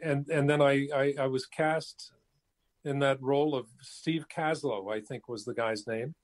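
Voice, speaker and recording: Older guy on a cell phone call, hesitant, restarts a lot, mid pitch. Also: fairly even intonation, a little slow. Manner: hesitant, many fillers and restarts. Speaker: guest. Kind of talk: casual interview chat.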